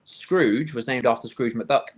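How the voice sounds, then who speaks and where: Man, podcast co-host, rambling anecdotes, mid-pitched voice, lots of restarts. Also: measured pace, a little hiss or hum. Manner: rambling storyteller, restarts, quotes himself. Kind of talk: casual chat.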